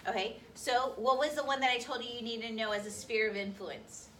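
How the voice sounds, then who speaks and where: On a distant classroom recording with faint noise, a high school history teacher quizzes her students in quick succession. Her voice is on the high side with a fairly bright tone.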